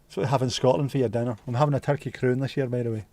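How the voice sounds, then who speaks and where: Racing along in a dark, medium-pitched voice with fairly even intonation, a Scouse livestream host reads out viewer comments. His chat is casual and jokey, rambling, with plenty of swearing.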